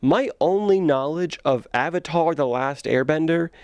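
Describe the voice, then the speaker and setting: A man in his twenties giving sarcastic, animated comedic commentary on bad movies as a video host. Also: fairly high pitch, moderate pace, dull audio, very noisy.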